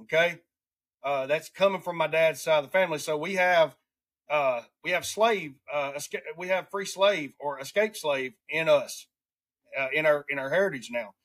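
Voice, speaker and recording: Rambling Southern man, high voice. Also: fairly bright tone. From Alabama. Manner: rambling, restarts often, drawn-out emphasis. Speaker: podcast host. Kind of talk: casual podcast chat.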